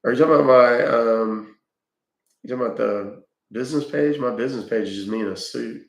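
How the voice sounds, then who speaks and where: A man talks casually with his viewers in a gravelly, fry-edged voice, answering their questions with easy fillers. His voice echoes around the room he is in, and he sits at a middle pitch for a man. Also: a little fast. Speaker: livestream host reading chat. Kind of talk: casual chat.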